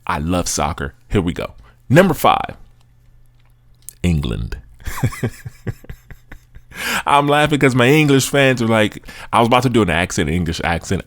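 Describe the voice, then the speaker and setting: A man's voice: low-pitched, dry recording, studio quality. A man hosting a sports podcast, giving chatty, opinionated commentary with frequent asides to his listeners. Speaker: podcast host.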